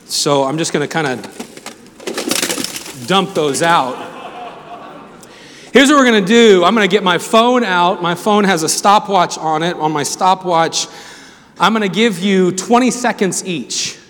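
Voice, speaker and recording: High-voiced playful man in a big hall. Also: animated, unhurried, long pauses, fairly bright tone. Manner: playful, jokey, calls out to the crowd. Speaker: chapel speaker. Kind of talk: lively sermon intro with audience game. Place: large hall with student audience. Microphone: handheld mic. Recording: reverberant hall, crowd and noise.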